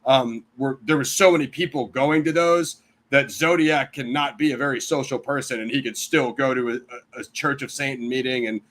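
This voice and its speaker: A man's voice: medium pitch, fairly even intonation, moderate pace, fairly bright tone. An American man, a panel guest, talking casually and rambling, with many "you know"s and "I mean"s. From United States.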